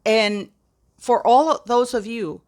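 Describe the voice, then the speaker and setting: A woman's voice: fairly high pitch, slow. Indignant woman vlogger, emphatic. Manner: indignant, emphatic, repeats phrases. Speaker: commentary vlogger. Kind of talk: impassioned commentary.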